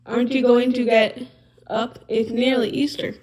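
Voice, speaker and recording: A woman's voice: fairly high pitch, little pitch movement, normal speed, noisy background, close to an everyday voice. A woman voicing a chatty, fussy mother fox in a whispered role-play.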